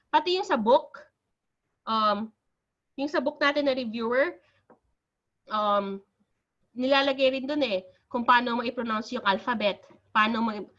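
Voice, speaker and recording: Higher-voiced Filipino woman teaching online. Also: moderate pace, long pauses. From Philippines. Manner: explains in steady lists, code-switching Tagalog and English. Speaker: IELTS speaking teacher. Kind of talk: online class, mixing Tagalog and English. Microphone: video call. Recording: dull lo-fi video call audio.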